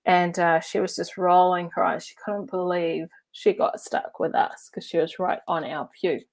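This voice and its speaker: A woman who coaches NLP and hypnotherapy tells a story and teaches in a chatty, animated way, laughing as she goes and using lots of fillers like "uh" and "like." Her voice is lowish with vocal fry, at a moderate pace.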